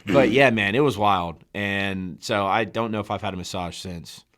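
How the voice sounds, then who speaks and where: A man's voice: on the low side, normal speed. A young man, telling stories as a podcast guest in casual chat and acting out the quotes. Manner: animated storyteller acting out quotes. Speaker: podcast guest, small business owner.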